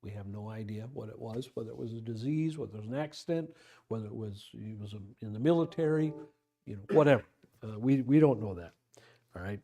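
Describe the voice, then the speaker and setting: A man's voice: lowish voice, brisk, mellow. A man teaching an informal Bible class, talking conversationally, asking rhetorical questions and acting out quotes. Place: church classroom.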